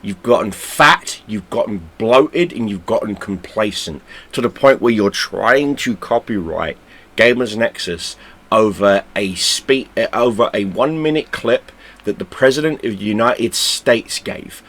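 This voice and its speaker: A man's voice: fairly low pitch, expressive, unhurried, fairly bright tone, no echo. A man hosting a gaming channel, talking in a blunt, casual way full of swearing, often stumbling and repeating words. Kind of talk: casual unscripted vlog talk.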